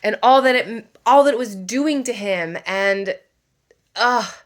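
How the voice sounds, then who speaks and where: A woman, a mother and book vlogger, chats casually about a book while doing her makeup, emotional and rambling and full of filler words. Her fairly high voice takes things slowly.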